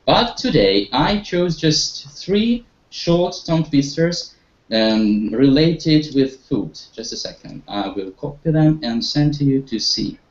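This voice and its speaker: Guy teaching english to a group online, pitch jumps all over, encouraging, echoey dull call audio. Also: expressive, takes it slowly. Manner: encouraging, leads students with questions, some hesitations.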